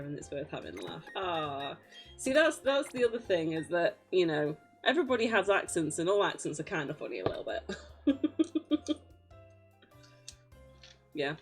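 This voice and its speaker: A young British woman chatting casually on a live game stream, laughing often and poking fun at herself. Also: fairly low pitch. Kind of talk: casual live-stream chat while gaming.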